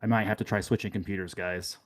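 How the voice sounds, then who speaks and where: A fairly low-voiced man speaks on a casual livestream. He sounds flustered as he works through his connection problems out loud. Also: steady tone, fast talker. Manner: flustered, talking through tech trouble. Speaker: tabletop player.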